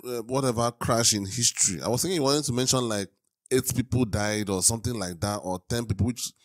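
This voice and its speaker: A man's voice: medium pitch, a little fast, dry recording, studio quality. A man hosting a reaction video, talking casually and exclaiming often while repeating himself.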